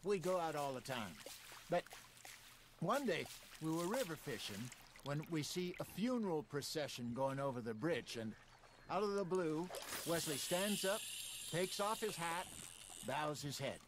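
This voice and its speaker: A wry aging outlaw storyteller. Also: male voice, a little high, expressive, a little slow, slight background noise.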